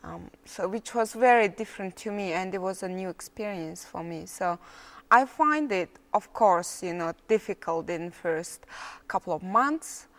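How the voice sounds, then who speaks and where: A woman from Mongolia speaks with a Mongolian accent, her native tongue shaping each English phrase. She picks her words carefully and haltingly, pausing to find the next one. Her pitch sits in an ordinary middle range as she answers an interviewer's questions. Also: animated. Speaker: interviewee, veterinarian.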